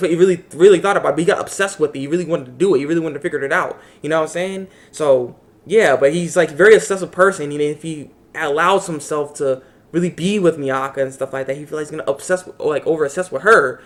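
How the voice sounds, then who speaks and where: A man rambling through a casual anime episode recap, acting out the characters' lines as he goes. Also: fairly high pitch. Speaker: anime reviewer.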